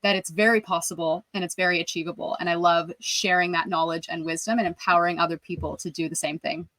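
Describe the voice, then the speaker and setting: A woman's voice: lowish voice, fairly even intonation, fast, pushed and bright, dry recording, low-quality recording. A woman guest on a podcast, speaking earnestly and openly about her work as a wellness coach. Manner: earnest, heartfelt, open. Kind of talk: casual interview answers.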